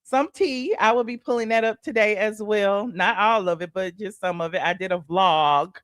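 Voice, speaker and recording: A woman's voice: mid-range voice, normal speed, dry recording. A woman hosting a casual celebrity gossip livestream, sassy and chatty, calling the audience honey and child, humming mm-hmm and laughing between points.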